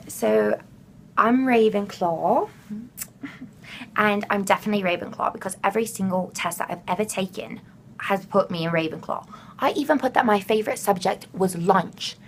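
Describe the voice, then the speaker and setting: A woman's voice: mid-range voice, a little hiss or hum. A young woman from Florida chatting to camera in a put-on British accent, rambling and gushing with many fillers. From Florida, USA. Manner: gushing and enthusiastic. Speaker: vlogger. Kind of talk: casual fan chat to camera.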